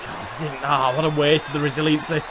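A player commentating on a wrestling video game, excitable and often shouting at the action. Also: mid-range voice, fast talker, crowd noise, noisy background. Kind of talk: excited let's-play commentary.

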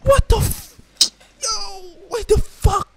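A man hosting an anime reaction, swearing freely and breaking into shouts and laughter between calmer remarks. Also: very high voice, slow pace. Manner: excitable, profane, bursts into shouts and laughter. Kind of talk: live reaction commentary. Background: faint anime soundtrack playing.

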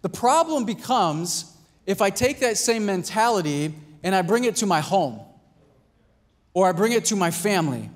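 In a church hall, an American male pastor with a high voice preaches a conversational sermon. He acts out little scenes and keeps asking "right?" and "Amen?"

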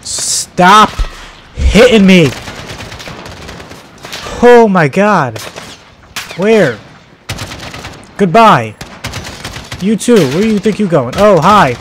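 A man calling out a shooter game as he plays it, his voice bouncing widely between low mutters and sudden high yelps. He talks slowly between bursts and jabbers at the enemies on screen, over faint gunfire from the game. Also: slight background noise. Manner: excitable, yelps and shouts at enemies, then mutters. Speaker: gaming channel host. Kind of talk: live gameplay commentary.

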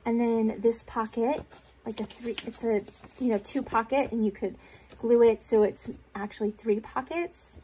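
A crafting vlog host, close to tears, rambles and gushes with fillers and restarts while showing the gifts she was mailed. Her high, mellow voice keeps fairly even intonation at normal speed, and there's a little hiss or hum.

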